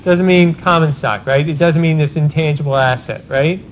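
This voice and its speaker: High-voiced professor firing questions. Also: male voice, slight background noise, poor audio. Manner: rapid cold-calling of students, tag questions like "right?". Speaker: law professor. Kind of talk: Socratic classroom lecture. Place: university classroom.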